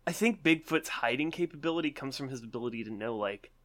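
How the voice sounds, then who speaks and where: A man co-hosting a podcast in loose, animated chat, laughing often and swearing freely. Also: mid-range voice, fast talker. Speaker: podcast co-host.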